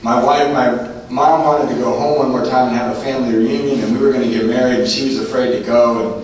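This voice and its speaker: A man's voice: mid-range voice, steady tone, fast, a little mellow. Man, 40s, from California, recovery meeting speaker, humorous testimony with frequent laughter, distant mic in a very echoey hall. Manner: storyteller, often laughing. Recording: echoey hall from far off, noisy room.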